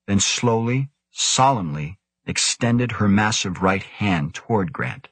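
Deep husky guy reading a story slow, super dry close sound. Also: animated, fairly bright tone, dry recording. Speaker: narrator. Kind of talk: audiobook narration.

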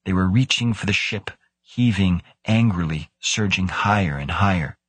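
A man narrating a science-fiction novel in a steady, measured reading. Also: deep voice, husky, dry recording. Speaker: audiobook narrator. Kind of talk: scripted narration of a sci-fi novel.

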